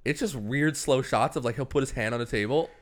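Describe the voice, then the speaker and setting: A man co-hosting a podcast, chatting about a horror film in an animated, jokey way. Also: medium pitch, a little fast. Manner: animated, jokey, mimics characters. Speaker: podcast co-host. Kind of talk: casual movie review chat.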